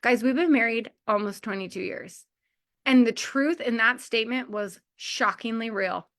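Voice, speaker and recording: A woman's voice: on the high side, normal speed, fairly bright tone. Chatty woman giving a motivational talk. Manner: chatty, lots of filler "like", laughs often. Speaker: mothers' community leader.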